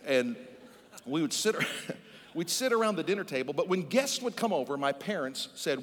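A man in his sixties preaching a sermon, telling folksy stories and building to loud, emphatic exhortation. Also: fairly high pitch, sing-song, moderate pace, long reverb tail. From Netherlands.

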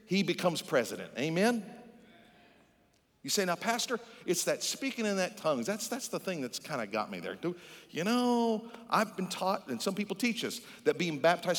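A male pastor preaches with a high voice that leaps all over the place, playing out small scenes and voices as he goes. His sermon rings out with a long hall reverb, as in a big church. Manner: animated preaching, acts out voices and repeated chants.

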